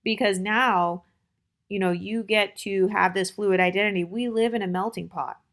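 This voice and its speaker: A woman's voice: mid-range voice, steady tone, moderate pace, a bit bright. An American woman hosting her channel, giving dating advice in a blunt, opinionated, chatty monologue full of fillers. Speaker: channel host.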